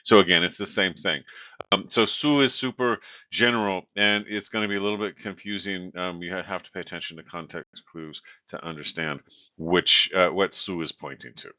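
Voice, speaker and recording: A man's voice: low-pitched, fairly even intonation, moderate pace, bright, forceful tone, dry recording. A man teaching a Spanish grammar lecture, explaining patiently with many fillers and "right?" checks. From California. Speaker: Spanish instructor. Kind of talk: recorded lecture. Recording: dull, lo-fi sound.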